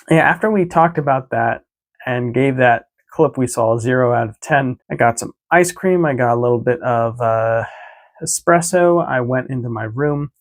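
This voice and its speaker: Gravelly man rambling through his day. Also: medium pitch. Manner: rambling, full of "like" and "uh" fillers and restarts; easygoing, chatty. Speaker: vlogger. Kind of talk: casual recap of his day.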